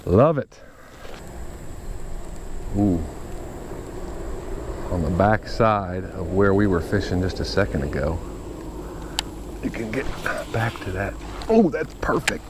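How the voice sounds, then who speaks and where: A man's voice: fairly low pitch, drawn-out words, long pauses, background noise. A man vlogging as he fishes outdoors on the water, exclaiming and talking straight to his viewers. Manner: excitable, exclaiming, talks to viewers. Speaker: fishing vlogger. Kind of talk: casual talk to camera while fishing.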